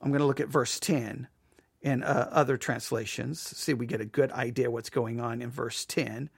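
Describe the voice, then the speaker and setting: Reading passages aloud before discussing them in a conversational way, this man leads a devotional Bible study and sometimes voices the proud and the doubter from the text. He has a medium-pitched, gravelly, slightly rough voice with fairly even intonation and normal speed, in a dry, studio-quality recording.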